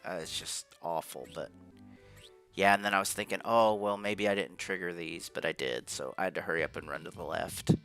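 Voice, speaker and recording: A low-pitched man speaks briskly in a fairly bright tone, rambling casually about his own gameplay footage. He sounds frustrated and swears a lot, and game music plays faintly behind him.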